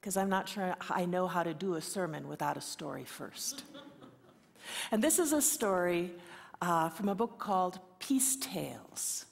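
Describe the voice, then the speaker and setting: A woman's voice: lowish voice, unhurried, vocal fry. Woman telling a sermon story in a hall. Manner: warm, rhythmic storytelling with counting and repetition. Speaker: minister. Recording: reverberant hall.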